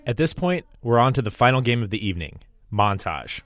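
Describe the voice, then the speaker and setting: A man's voice: mid-range voice, big pitch swings, fairly quick, no room sound. A man hosting a radio segment, narrating in a scripted, wry, self-deprecating way.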